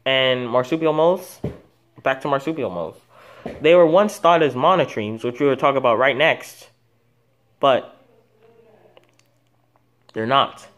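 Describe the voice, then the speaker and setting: A man's voice: medium pitch, expressive, measured pace, pauses often, a bit bright. A man hosting an animal video channel, talking casually off the cuff, rambling with many false starts and self-corrections. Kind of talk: casual unscripted animal talk.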